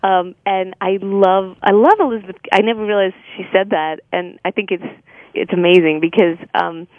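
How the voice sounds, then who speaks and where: An American woman chats as an interview guest, rambling easily through her stories with frequent laughter and fillers. Her voice sits at an average pitch. The recording sounds dull and lo-fi, with a dry, close sound. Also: steady tone, normal speed, dry recording. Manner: chatty, laughs often, many fillers. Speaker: guest, singer and voice-over artist. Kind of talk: casual interview chat.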